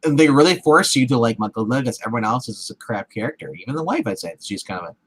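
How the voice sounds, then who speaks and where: A man's voice: medium pitch, lively intonation, fast talker, breathy edge, low-quality recording. A man casually retelling a film scene with many restarts and acted-out quotes, as a movie show co-host. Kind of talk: casual movie recap chat.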